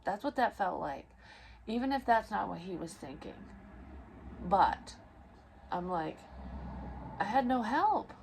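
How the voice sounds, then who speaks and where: A woman's voice: medium pitch, big pitch swings, slow, gravelly, long pauses, darkish tone, a little hiss or hum, poor audio. A woman telling a personal story in a rambling, emotional and profane way, full of fillers. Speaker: vlogger. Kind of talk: casual storytelling.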